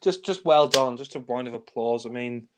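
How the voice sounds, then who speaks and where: A man's voice: mid-range voice, moderate pace, a little hiss or hum. A young man ranting in exasperation about a film he hates, swearing often in a casual review chat.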